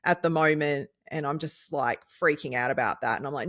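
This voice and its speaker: A woman, co-hosting a casual podcast chat and rambling excitably, with lots of fillers and laughs. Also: deep voice, normal speed, hardly any pauses. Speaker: podcast co-host, nutritionist.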